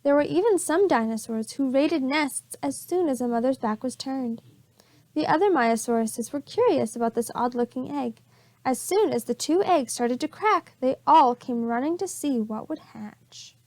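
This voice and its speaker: A preschool teacher, a woman, reading storybooks aloud to young children in a clear, expressive way. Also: high voice, normal speed, dry recording, poor audio.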